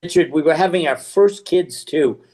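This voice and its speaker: A man's voice: on the high side, normal speed, a crowd in the background. An older man, a guest actor, telling casual stories and acting out the voices of the people he quotes. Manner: chatty storyteller, acts out quoted voices.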